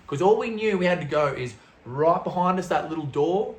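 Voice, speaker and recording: A man's voice: a little high, fairly quick. Slangy man telling a story, echoey room. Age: young adult. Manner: animated, slangy, swearing. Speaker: vlogger. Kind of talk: storytelling vlog.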